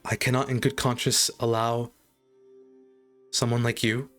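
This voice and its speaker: A man's voice: medium pitch, flat delivery, measured pace, fairly bright tone, soft background music, close to an everyday voice. A man putting on a prim, flustered woman botanist. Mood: stern refusal. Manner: polite, then stern and defensive.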